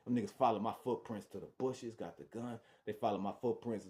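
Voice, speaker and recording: Low-voiced man telling a story. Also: a little fast. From Detroit. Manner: animated, acts out voices, restarts and repeats words. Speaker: storyteller sharing his testimony. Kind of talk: casual personal storytelling.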